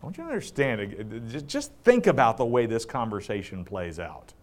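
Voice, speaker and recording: A man preaching a sermon, retelling scripture in a conversational way with joking asides and laughter, and dropping low and slow when he reads the text. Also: very animated.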